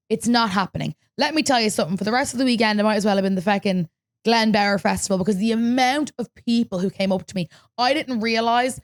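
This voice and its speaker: A young Irish woman hosting a podcast, telling a story in casual chat, lively and swearing freely as she acts out what people said. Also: a little high. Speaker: podcast host.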